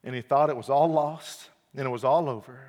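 A man preaching an earnest evening sermon, repeating key phrases and swinging from quiet to loud emphasis. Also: medium pitch, a little fast. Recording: long hall reverb.

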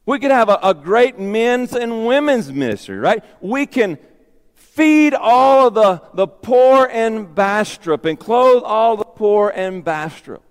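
A man's voice: high voice, animated, measured pace, hardly any pauses, smooth, long reverb tail. A man preaching a sermon as pastor, emphatic and repeating his key phrases.

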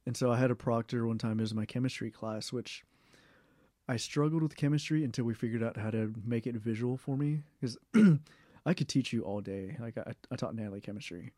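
A young man in a casual interview, talking in a rambling way with many fillers, restarts and throat clearing. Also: mid-range voice, brisk, dark tone, no echo, clean studio sound. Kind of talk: casual oral history interview.

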